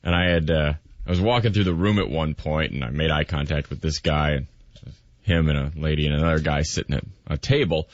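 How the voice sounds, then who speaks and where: A man's voice: rumbling low, brisk, dry recording. A male radio host telling a story in casual banter, acting out the lines he quotes. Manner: animated storytelling, acts out quotes. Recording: dry, slightly dull radio studio mic.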